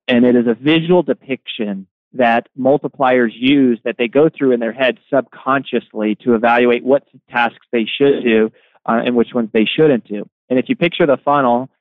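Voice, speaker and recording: A man's voice: mid-range voice, no room sound. A man, an author and guest, explaining his ideas in an interview and telling stories with energy, often repeating words as he starts. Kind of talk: interview answers. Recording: phone-like remote line.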